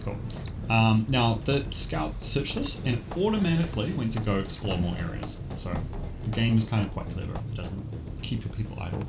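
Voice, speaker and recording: Low-voiced man thinking aloud. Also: expressive, normal speed, gravelly, echoey room, background noise. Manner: thinking aloud with many ums. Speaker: gamer showing games. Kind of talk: casual gameplay commentary.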